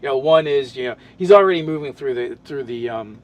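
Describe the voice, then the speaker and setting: A man's voice: medium pitch, animated, fairly quick. Rambling man chatting about his character. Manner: rambling, many restarts and fillers. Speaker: tabletop game player. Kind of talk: casual podcast chat.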